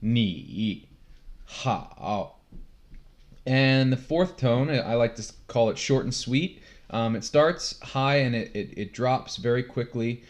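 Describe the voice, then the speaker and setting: A man casually explaining language tones, relaxed and full of fillers. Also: mid-range voice, moderate pace, hardly any pauses. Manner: relaxed, with frequent fillers and restarts. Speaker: language teacher.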